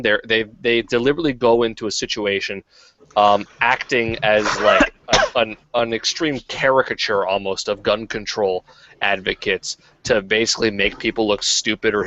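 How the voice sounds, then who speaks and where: A man's voice: fairly low pitch, a bit bright. A man hosting a podcast, chatting casually and profanely with many fillers. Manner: profane, rambling, frequent fillers. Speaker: podcast host. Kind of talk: casual chat. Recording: dull lo-fi podcast audio.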